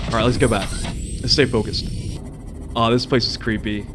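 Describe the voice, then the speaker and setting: A man's voice: medium pitch, fairly even intonation, moderate pace, background noise. A young man giving let's play commentary on a survival game, jumpy and swearing a lot, yelping and panicking whenever creatures come near. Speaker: gamer.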